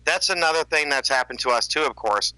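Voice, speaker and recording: A man with a very bright, fairly high voice tells stories on a casual podcast. He gets animated and mocks the voices of the people he quotes. The recording is dry and close. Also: fairly quick, no echo, rough recording. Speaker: podcast co-host, YouTuber.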